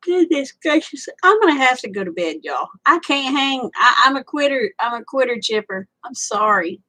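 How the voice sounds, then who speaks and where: A woman's voice: sits high, expressive, normal speed, bright, forceful tone, poor audio. Sleepy older woman chatting. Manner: drawling, chatty, reads viewer comments aloud. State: sleepy, yawning. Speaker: livestream host. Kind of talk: casual livestream chat.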